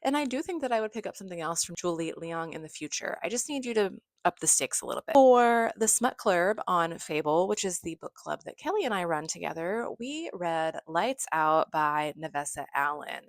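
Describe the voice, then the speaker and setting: Chatty low-voiced woman reviewing books. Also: animated, normal speed, hardly any pauses, dry recording, studio quality. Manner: chatty and effusive, swears casually. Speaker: book vlogger. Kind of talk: casual monthly book recap.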